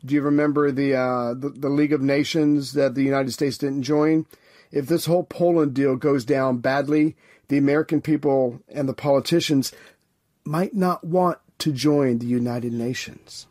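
A man's voice: mid-range voice, steady tone, normal speed, darkish tone, no echo, clean studio sound. A man co-hosting a history podcast, talking loosely and rambling with restarts. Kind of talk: casual chat.

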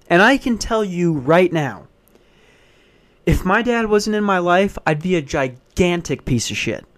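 A man hosting a solo podcast, talking in a blunt, profane, self-deprecating casual rant. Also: fairly high pitch. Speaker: podcast host.

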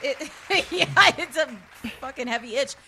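A woman's voice: high voice, moderate pace, crowd noise. A woman co-hosting a podcast, chatting candidly and laughing, often trailing off mid-sentence. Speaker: podcast co-host. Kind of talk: frank casual chat.

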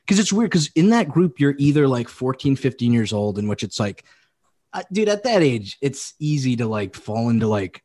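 A man's voice: mid-range voice, very animated, moderate pace, warm tone. A young man hosting a podcast in casual chat, joking, swearing and filling his talk with "like". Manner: joking, swears a lot, many "like" fillers. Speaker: podcast host.

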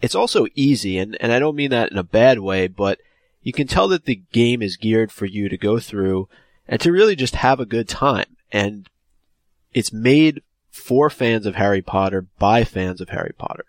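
Low-voiced male podcast co-host. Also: animated, moderate pace, dry recording. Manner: earnest, explaining at length with restarts. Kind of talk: casual podcast chat.

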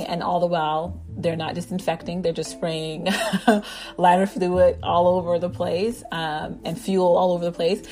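A woman's voice: lowish voice, darkish tone. A woman giving an enthusiastic, rambling recap of a drama episode, full of fillers. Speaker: drama reviewer.

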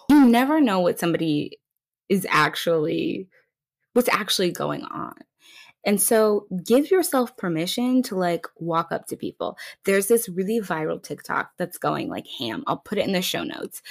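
A young woman hosting a podcast on her own, telling a story in a casual, playful way and jumping high in pitch when she quotes people. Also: creaky. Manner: animated, playful, swoops high for quoted voices. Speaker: podcast host.

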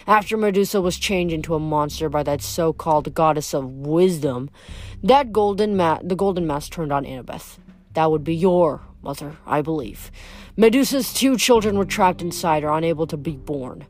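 A woman's voice: sits low, moderate pace, darkish tone, close to an everyday voice. A woman voicing a proud, bitter male pirate, son of a monster, with a scornful, boastful manner, in a read-aloud novel.

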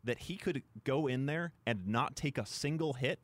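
A man's voice: medium pitch, moderate pace, no echo. A man co-hosting a sports radio show, arguing his points emphatically in a studio. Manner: emphatic, argumentative. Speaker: radio co-host. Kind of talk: casual sports radio banter.

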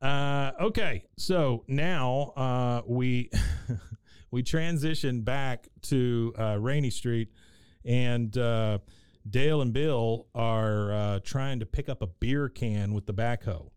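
A man's voice: medium pitch, takes it slowly, darkish tone, smooth, no echo. A man hosting a casual recap chat, telling the story in a meandering way, full of fillers. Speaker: podcast host.

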